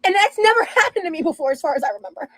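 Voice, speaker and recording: A woman's voice: extremely high pitch, expressive, very fast, fairly bright tone, no room sound, low-quality recording. A young woman telling a rambling personal story in casual chat, with lots of fillers and restarts. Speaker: streamer and podcast host.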